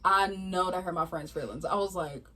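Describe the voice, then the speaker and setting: A young woman co-hosting a casual chat, telling stories in an animated way with lots of laughter. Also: fairly low pitch, moderate pace. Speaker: podcast co-host.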